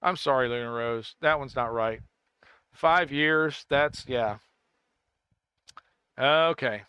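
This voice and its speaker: A man's voice: mid-range voice, slow pace, sharp tone, smooth, no room sound, lo-fi sound. A man chatting casually on a game livestream, rambling and stammering, correcting himself often and laughing easily. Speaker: gaming streamer.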